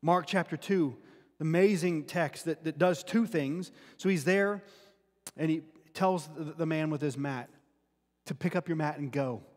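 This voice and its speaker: Pastor guy preaching, earnest, trips and restarts words, kinda high voice. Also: unhurried, a little mellow. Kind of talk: sermon teaching from scripture. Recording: long hall reverb.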